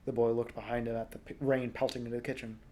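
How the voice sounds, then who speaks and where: A man reading a storybook aloud in a relaxed way, now and then correcting small slips. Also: medium pitch, quick pace. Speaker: audiobook reader.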